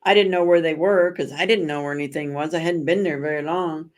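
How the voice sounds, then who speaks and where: Speaking briskly in a deep voice with fairly even intonation, this livestream host chats casually with her viewers. Her stories ramble, she corrects herself often, and she leans on dramatic emphasis.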